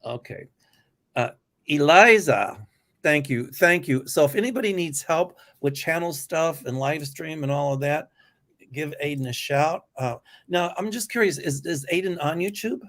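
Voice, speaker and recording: A man's voice: fairly high pitch, moderate pace, fairly bright tone. A man hosting a casual live stream, joking and self-deprecating as he chats with his guest. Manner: jokey, self-deprecating, chatty. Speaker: host.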